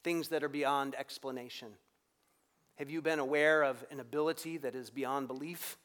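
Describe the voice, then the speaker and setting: A man's voice: medium pitch, steady tone, moderate pace, a bit bright. A man preaching a sermon in a reflective, conversational way, rising and dropping his voice for emphasis.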